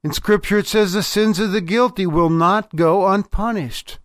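Male preacher, high voice, unhurried devotional sermon, dry close sound. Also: no echo. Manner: slow and deliberate, with dramatic dips to a low hush.

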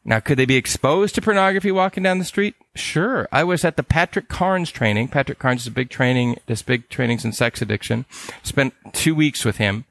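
This is a middle-aged man from California, a counselor teaching in a loose, conversational way. His voice sits in an ordinary mid pitch and is recorded dry, with no room around it. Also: brisk, vocal fry, fairly bright tone, dry recording. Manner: casual, acts out quoted voices in stories. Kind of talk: teaching talk with personal stories.

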